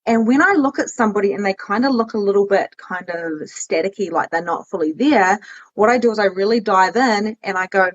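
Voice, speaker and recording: A woman in her thirties hosts a casual podcast conversation, rambling in an animated way and laughing often. Her voice is husky and breathy. The audio is muffled and lo-fi. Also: mid-range voice, brisk. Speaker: podcast host and spiritual coach. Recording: dull lo-fi audio.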